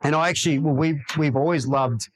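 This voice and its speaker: A man's voice: fairly high pitch, fairly quick, no echo, poor audio. A man in a podcast interview, talking energetically and acting out quoted dialogue in other voices. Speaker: real estate agent guest.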